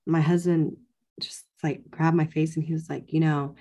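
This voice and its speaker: A woman's voice: sits low, flat delivery, moderate pace, mellow. A woman in her thirties, a podcast guest casually telling her own birth story and quoting the people around her. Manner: conversational, many "like" fillers, quotes others in her story.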